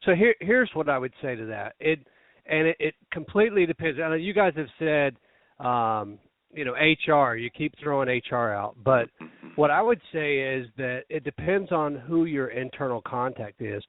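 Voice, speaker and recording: A man's voice: a little high, animated, normal speed, no room sound. A man on a panel speaking as an internal corporate recruiter, rambling with many fillers and restarts. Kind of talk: panel discussion. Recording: dry, thin phone-like sound.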